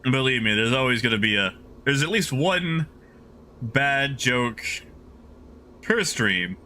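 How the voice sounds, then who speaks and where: A male game streamer talking casually to his live chat. He rambles and thinks out loud, and his voice swings up and down freely. The tone is bright and forward. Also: mid-range voice, expressive, slow, a little hiss or hum. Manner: rambling, chatty, musing aloud to chat.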